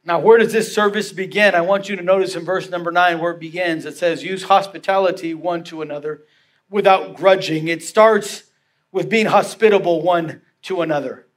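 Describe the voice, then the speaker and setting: A man with a notably high voice delivers a sermon to his congregation. He tells stories, repeats phrases for emphasis and often sinks to soft, quiet lines. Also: moderate pace. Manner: storytelling preacher, repeats phrases for emphasis, drops to soft tones. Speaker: pastor.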